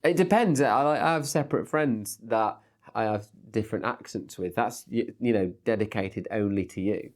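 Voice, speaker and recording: A man speaks as a guest on an interview show, his voice sitting fairly low. He talks in a loose, hesitant way, full of fillers and restarts, and often pokes fun at himself. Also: moderate pace. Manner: hesitant, self-deprecating, many fillers and restarts. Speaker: guest, film director. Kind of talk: casual interview chat.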